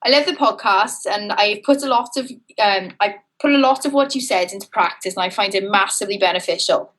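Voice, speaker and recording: A woman's voice: medium pitch, brisk, a bit bright, lightly acted. A woman reading a male listener's letter in a subdued put-on Welsh accent, in a polite read-aloud manner. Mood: reading politely.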